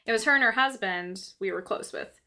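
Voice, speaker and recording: Bright, animated young woman telling stories. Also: mid-range voice, fairly quick. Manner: animated storyteller, laughs often, acts out her own past voice. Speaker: co-host. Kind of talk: casual chat.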